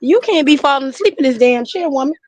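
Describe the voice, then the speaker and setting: A woman's voice: high-pitched, animated, fast. A woman recounting a painful memory in a casual conversation, speaking bluntly and emotionally and swearing freely. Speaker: friend sharing memories.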